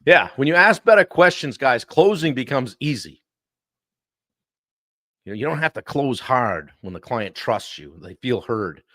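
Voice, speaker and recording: Animated male sales coach, dry sound. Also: mid-range voice, a little slow, dry recording. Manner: animated, acts out client calls, clears throat often. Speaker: sales coach and show host. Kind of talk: live-stream coaching talk.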